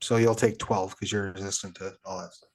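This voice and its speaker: A man running a tabletop game as game master, pausing often with fillers while he works out damage rolls. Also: low voice, flat delivery. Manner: halting, with many fillers while tallying damage.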